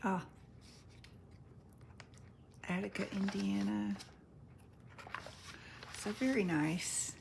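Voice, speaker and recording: Vocal fry colors her medium-pitched voice, and the background is noisy. An online seller of vintage paper and crafts, she talks casually and unhurriedly through a presale video, describing each item up close and stumbling over foreign words.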